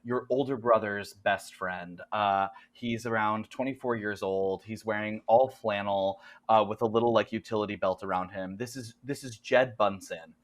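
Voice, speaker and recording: A man narrating as game master in a loose, halting way with many fillers. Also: fairly low pitch, steady tone.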